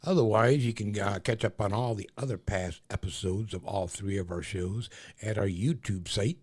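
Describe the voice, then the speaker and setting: A man co-hosting a talk show, laid-back and low-key, giving short remarks and directions to the audience. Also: normal speed, darkish tone, husky. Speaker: co-host.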